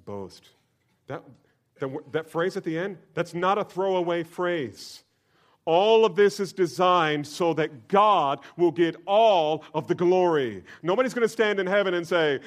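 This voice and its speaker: A man preaching a sermon to his congregation, swinging between loud emphatic bursts and hushed near-whispers and leading them in call-and-response. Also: sits high, measured pace. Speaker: pastor. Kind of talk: expository sermon.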